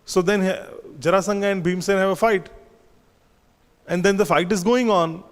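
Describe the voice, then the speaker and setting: Leading a scripture class, a man retells old stories in a slightly high, steady voice at a moderate pace. His storytelling is full of fillers and restarts, and a long temple-hall reverb carries the sound.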